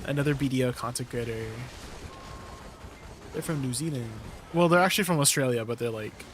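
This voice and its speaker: A man's voice: medium pitch, fairly quick, over music. A young man streaming live, casually chatting with viewers and riffing on their messages in an easily amused way. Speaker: livestreamer reading chat. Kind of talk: casual chat with viewers while gaming.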